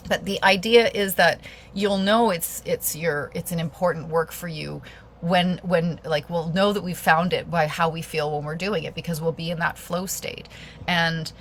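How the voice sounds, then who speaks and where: Woman guest on a video call, low gravelly voice, rambling and enthusiastic, faint noise behind. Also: steady tone, moderate pace. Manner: rambling, many fillers and restarts; lights up with enthusiasm. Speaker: guest speaker. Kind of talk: casual talk on a video call.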